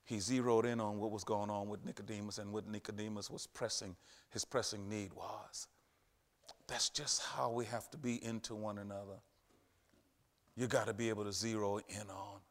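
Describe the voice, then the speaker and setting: A man preaching a sermon, emphatic and repetitive, with sudden loud rises. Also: on the low side, little pitch movement, moderate pace.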